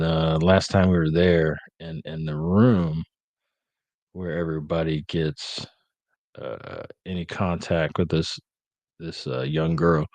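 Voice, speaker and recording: Young male podcast host, deep voice, dry close recording, casual and rambling, a bit drowsy. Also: darkish tone, no room sound. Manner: rambling, many ums and uhs. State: sleepy, yawning. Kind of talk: casual live-stream chat.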